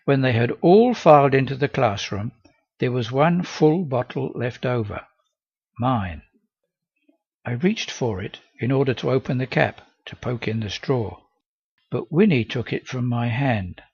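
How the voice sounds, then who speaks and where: A man reads a first-person story with a gravelly, husky voice and a lively, rising and falling delivery. The recording is dry and a bit muffled, with no room sound. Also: mid-range voice, unhurried, no room sound. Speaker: audiobook reader. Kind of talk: first-person novel reading.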